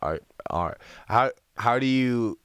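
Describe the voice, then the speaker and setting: A man's voice: medium pitch, animated, a little slow, clear, resonant tone, dry recording. A man hosting a casual podcast interview, laid-back and laughing often, with filler-filled questions. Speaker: podcast host.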